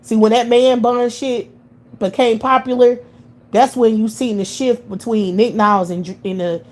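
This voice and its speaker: A woman's voice: on the high side, steady tone, moderate pace, darkish tone. A woman from the United States holds forth on a livestream in a blunt, heated monologue. She swears freely and circles back to the same phrases again and again, with a confrontational delivery. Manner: blunt, heated, profane and repetitive. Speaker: livestream commentator. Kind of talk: profane monologue rant.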